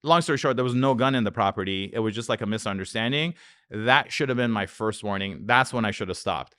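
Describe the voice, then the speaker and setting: A real estate investor guest talks fast in a lowish, sharp-toned voice, animatedly recounting wild stories during a podcast interview. He curses openly and voices the characters himself, with clean audio and no room sound.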